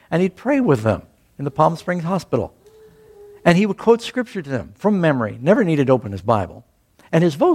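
An older man preaching a sermon, telling a personal story in a conversational way and raising his voice to quote scripture and other people. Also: on the high side. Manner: conversational, rising loudly for quoted scripture and speech. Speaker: pastor.

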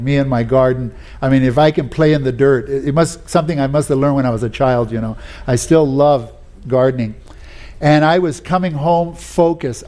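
A man's voice: mid-range voice, a little mellow. A man preaching a sermon, telling personal stories in a folksy way with frequent restarts. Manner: folksy storytelling, many "you know"s and restarts.

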